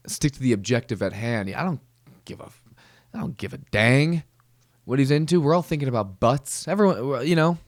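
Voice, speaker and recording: Rambling joking man, lowish voice. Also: a little mellow, dry recording, clean studio sound. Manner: rambling, joking, full of fillers and restarts. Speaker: podcast host. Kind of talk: comedic monologue.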